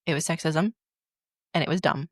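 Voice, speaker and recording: A young woman co-hosting a podcast, telling stories in an animated, casual way and swearing freely. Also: low-pitched, normal speed, no room sound, studio quality. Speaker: podcast co-host. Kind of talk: casual chat.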